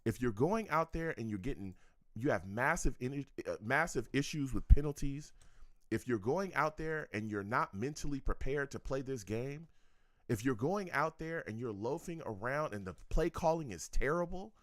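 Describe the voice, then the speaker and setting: Animated man hosting a sports talk stream. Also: mid-range voice, moderate pace, no echo, clean studio sound. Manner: animated, repeats himself, laughs often. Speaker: sports talk show host. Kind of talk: live-stream sports talk with chat shout-outs.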